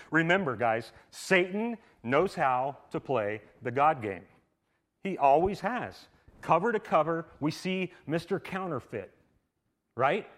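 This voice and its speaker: A male pastor preaching a sermon in a church, casual and conversational, with frequent asides, swinging from loud emphatic stretches to quiet hushed ones. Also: fairly high pitch. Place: church sanctuary.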